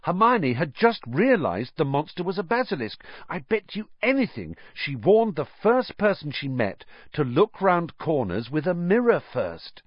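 A man's voice: fairly high pitch, unhurried, few pauses, no echo, muffled recording, pitched above the performer's own voice. A man voicing an anxious, eager boy wizard of about twelve, piecing clues together urgently. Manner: urgent, excited working-out of clues.

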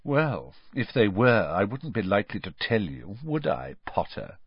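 A man's voice: mid-range voice, sing-song, unhurried, dry recording, highs cut off, pitched above the performer's own voice. A man voicing a sneering, drawling teenage boy wizard in an audiobook. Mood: lazy mocking.

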